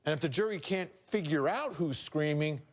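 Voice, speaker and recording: A male television host with a slightly raised pitch runs the show briskly. He fires leading questions at his guests and a mock jury. He is recorded on a clean studio mic. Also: expressive. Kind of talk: hosting a TV legal show.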